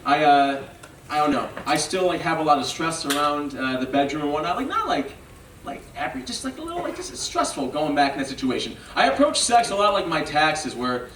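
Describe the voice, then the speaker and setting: A man doing a stand-up set, talking in a halting, rambling way full of fillers. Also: on the high side, big pitch swings. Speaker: stand-up comedian. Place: comedy venue stage with a live audience. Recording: roomy, distant mic, loud crowd and noise.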